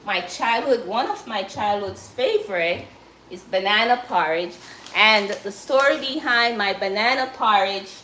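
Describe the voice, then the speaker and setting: A woman's voice: fairly high pitch, a bit bright, reverberant, a little hiss or hum, rough recording. A Jamaican woman chatting casually and encouragingly to viewers on a live stream while she cooks.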